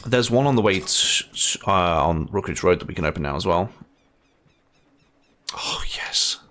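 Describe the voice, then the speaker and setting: A man's voice: low-pitched, animated, brisk, a bit bright, a little hiss or hum. A Scottish man giving casual, chatty commentary as he plays a game, laughing often and thinking aloud. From Scotland. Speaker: gaming streamer.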